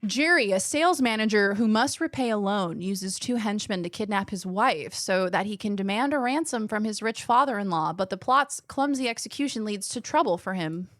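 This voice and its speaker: Her mid-range voice runs at normal speed with hardly any pauses, recorded cleanly with no room sound. She's a young Illinois native with a light Midwestern-West Coast mix, casually streaming live, reading out chat, laughing readily, and cursing offhandedly.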